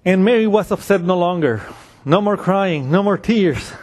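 A man delivering a sermon in a relaxed, conversational style. His voice sits a little high for a man. Now and then he briefly acts out the voices of the people in his story. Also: moderate pace. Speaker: preacher.

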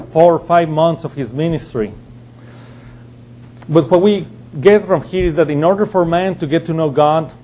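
A man's voice: on the high side, warm tone, low-quality recording. A man teaching through a Bible passage verse by verse, reading scripture aloud and explaining it with frequent restarts.

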